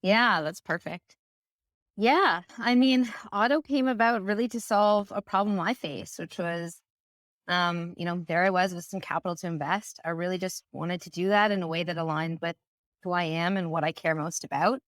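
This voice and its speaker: A woman's voice: lowish voice, normal speed, no echo, studio quality. A woman from Canada, a company founder, speaking as a podcast guest in a friendly, easygoing way. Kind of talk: interview.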